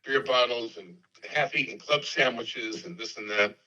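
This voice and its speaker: Guy in his 60s hosting a podcast, bright forceful voice, lively stories. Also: mid-range voice, normal speed, lo-fi sound. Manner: animated anecdotes with put-on voices. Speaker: podcast host. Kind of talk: casual storytelling interview.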